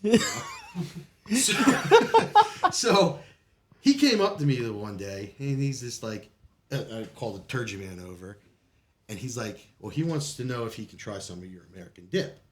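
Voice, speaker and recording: Laughing, animated, profane male storyteller. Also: mid-range voice, moderate pace, a little hiss or hum. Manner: animated, profane, laughs often while telling stories. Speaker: podcast guest telling war stories. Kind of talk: casual storytelling chat.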